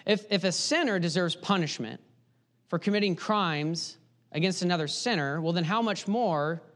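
A man's voice: high voice, moderate pace, fairly bright tone. A man preaching a sermon, explaining his points earnestly and pressing harder on the key ones. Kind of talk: sermon teaching.

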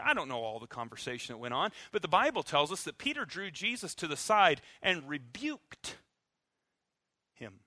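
A man preaching a sermon. He is emphatic and animated, uses dry humor, and swings from loud stresses to soft, low endings. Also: moderate pace, no room sound. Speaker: pastor.

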